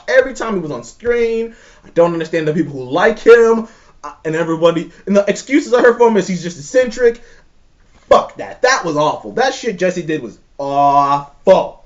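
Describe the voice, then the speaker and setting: A high, lively male voice rants in a casual chat, swearing freely and sounding exasperated. He stresses his points hard and swings his pitch up and down as he talks. The recording is a bit dull and lo-fi. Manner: profane, exasperated, emphatic. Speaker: show co-host ranking movies.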